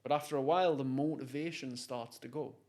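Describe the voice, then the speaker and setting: A man tells a story as a guest in a conversation. He is animated and pulls listeners in, with a middle-pitched voice. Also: a little fast. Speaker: guest, motivational speaker.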